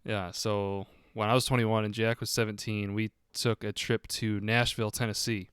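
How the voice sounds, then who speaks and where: A man in his twenties with a low, smooth voice talks in an easygoing, halting way, filling gaps with uh's. The sound is close and dry. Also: flat delivery, a bit bright, dry recording. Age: 20s. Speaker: podcast co-host. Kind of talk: casual storytelling.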